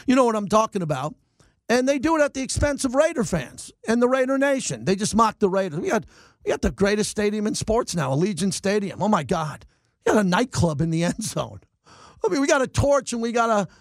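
A middle-aged man hosting sports talk radio, ranting in animated bursts and mocking his critics. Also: sits high, no echo, clean studio sound. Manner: animated, rants and mocks in quick bursts. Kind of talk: fired-up sports talk monologue.

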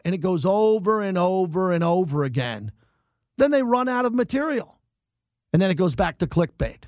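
A middle-aged man hosting sports talk radio, ranting in animated bursts and mocking his critics. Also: extremely high pitch, no room sound, clean studio sound. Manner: animated, rants and mocks in quick bursts. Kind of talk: fired-up sports talk monologue.

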